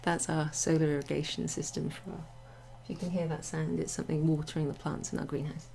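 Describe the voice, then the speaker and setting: A woman teaching a casual French grammar lesson to her club members, chatty and relaxed, with many fillers and asides. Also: deep voice, fairly quick, creaky. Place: home near a greenhouse.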